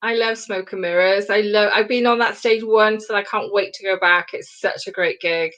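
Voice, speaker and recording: A woman co-hosting a casual chat show over a video call, quick and joking. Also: medium pitch, steady tone, a bit bright.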